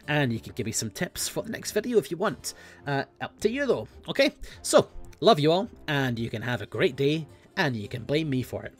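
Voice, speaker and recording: A man with a slightly raised pitch talks through a video game in a casual, chatty way, muttering as he works and swearing now and then. Faint music sits underneath his voice. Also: big pitch swings, a little fast, breathy edge. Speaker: gaming video host. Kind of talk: let's play commentary.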